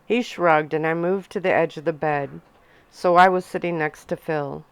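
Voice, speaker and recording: A woman narrating a novel in a soft-spoken ASMR reading style. Her voice is fairly low and smooth. The sound is close and dry, with no room echo. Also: steady tone, moderate pace. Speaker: audiobook reader.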